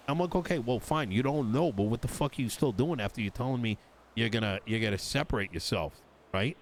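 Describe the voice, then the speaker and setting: During an online roleplay, a man voicing a politician stays in character, swearing in exasperation while recounting an argument with quoted lines. His mid-range voice is brisk, with slight background noise.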